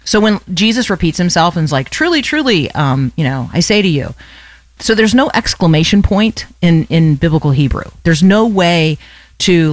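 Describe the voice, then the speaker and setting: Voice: mid-range voice, no room sound. A radio host giving an earnest, emphatic devotional talk that repeats key words for emphasis.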